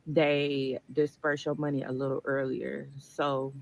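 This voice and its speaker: Irritated gravelly man venting. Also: medium pitch, monotone, measured pace, slight background noise, rough recording. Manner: irritated, complaining about pay. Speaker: content creator in a played clip. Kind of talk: venting vlog.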